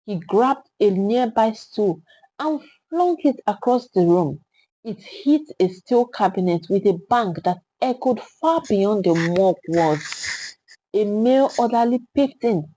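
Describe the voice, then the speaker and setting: A woman's voice: medium pitch, animated, a little slow, dark tone, dry recording, rough recording. A woman narrating a dramatic story with emphatic delivery.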